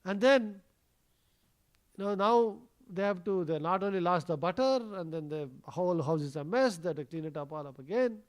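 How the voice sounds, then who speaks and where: High-pitched guy teaching a scripture class, chatty, lots of uh and you know. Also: animated, normal speed. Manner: storytelling, conversational with many fillers. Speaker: temple speaker. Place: temple hall.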